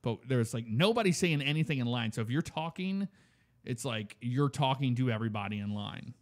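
A man's voice: mid-range voice, a little fast. A man telling a story in loose, casual chat. He acts out the lines of the people he met as he goes. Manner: animated storytelling, acts out voices.

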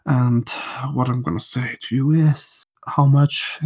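Male podcast co-host, husky, unhurried, playful and theatrical. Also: mid-range voice, fairly even intonation, mellow. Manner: playful, mock-romantic, theatrical. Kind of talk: joking podcast monologue. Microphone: studio microphone.

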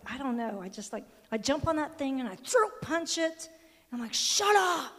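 A woman pastor preaching a sermon in a conversational, emphatic way. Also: on the high side. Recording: long hall reverb.

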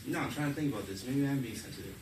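A man's voice: medium pitch, rapid-fire. A man who is a talk show guest, chatting loosely and swearing. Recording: noisy, echoey, from a distance.

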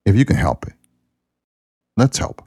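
A man hosting his own podcast, giving a folksy, preachy monologue in plain, down-to-earth words. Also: unhurried. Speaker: podcast host. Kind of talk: casual spoken monologue.

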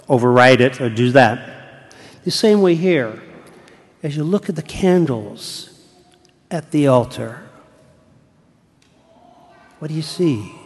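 An older man, a retired priest, preaching a sermon in a church, telling the story slowly and dropping to a hushed whisper at times. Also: mid-range voice. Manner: slow, deliberate storytelling with dramatic hushed whispers. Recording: long church reverb.

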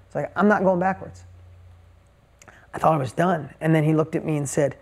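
A man's voice: a little high, a little fast, creaky. A man in his forties, a motivational speaker telling a personal story to a live audience in an emphatic, intense way with punchy repeated phrases.

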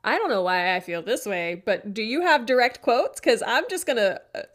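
A woman's voice: fairly high pitch, animated, moderate pace. A woman co-hosting a casual movie recap podcast, chatty and emphatic, often murmuring agreement. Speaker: podcast co-host.

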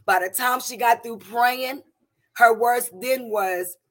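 A middle-aged woman with a somewhat high voice shares her personal testimony before a congregation. She speaks with deep emotion, stumbling and restarting, repeating words as she searches for them. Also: slow, fairly bright tone. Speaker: church member giving testimony.

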